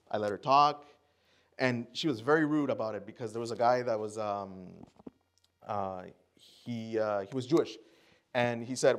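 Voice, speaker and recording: A man's voice: lowish voice, fairly quick. Man telling a story from a church pulpit. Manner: conversational storytelling, acts out his own thoughts and other people's lines. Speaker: guest speaker at church. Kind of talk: personal testimony sermon. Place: church before a congregation.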